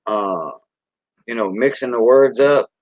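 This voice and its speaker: A man's voice: medium pitch, unhurried, no room sound. An older man from South Louisiana with a Cajun accent, French his first language, hosting a casual livestream chat in a rambling, folksy way. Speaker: host. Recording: dull dry lo-fi sound.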